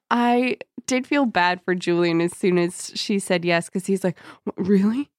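A woman's voice: fairly low pitch, measured pace, clean tone, dry recording, clean studio sound. A woman co-hosting a podcast, chatting casually about a book, laughing often and reading passages aloud with relish. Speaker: podcast co-host. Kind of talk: casual chat recapping a book.

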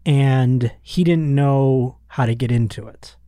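A man in his thirties hosts a podcast from a studio, telling a long story in a casual, animated way. He slips into other people's voices as he goes. The sound is dry and close. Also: mid-range voice, slow, no echo. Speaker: podcast host.

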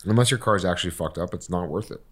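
A man with a very deep voice joins a podcast as a guest. He chats in an easygoing, agreeable way. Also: quick pace, husky. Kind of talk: casual podcast chat.

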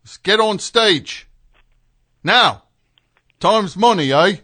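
A man voicing a rough English rock drummer in a put-on Cockney accent, barking orders. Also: sits high, lively intonation, slow, pushed and bright, pitched above the performer's own voice, full character voice.

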